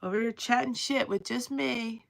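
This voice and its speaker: Gravelly-voiced woman chatting on a livestream. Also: fairly high pitch, normal speed. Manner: rambling and profane, chatting to her viewers. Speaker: live streamer. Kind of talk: casual livestream chat to viewers. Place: at home, crafting.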